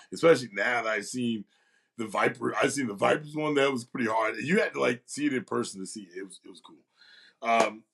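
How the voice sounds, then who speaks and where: A man's voice: on the high side, gravelly. A man hosting a youth sports show, talking loosely and with energy, full of slang and repeated phrases for emphasis. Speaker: youth sports league host. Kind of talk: casual monologue with shout-outs.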